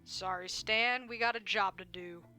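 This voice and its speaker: A woman voicing a cheerful small-town sheriff, talking loudly in a folksy way. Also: mid-range voice, unhurried, faint music behind. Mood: stern.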